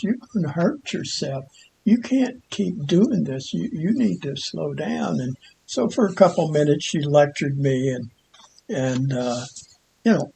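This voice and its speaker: An older man, a lawyer, telling a personal story in a halting monologue with frequent restarts and pauses. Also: on the high side, a little mellow, slight background noise. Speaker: Christian commentator and lawyer.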